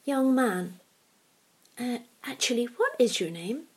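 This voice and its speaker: Woman reading a patient, gentle old husband. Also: a little high, lively intonation, noisy background. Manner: measured, gently explaining. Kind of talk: storybook reading.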